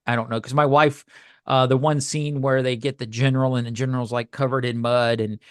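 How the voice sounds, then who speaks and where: A man's voice: medium pitch, level tone, a little fast, smooth, no echo, studio quality. A man co-hosting a podcast, chatting casually in a rambling, hesitant way with lots of fillers and restarts. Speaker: podcast co-host. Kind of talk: casual review chat.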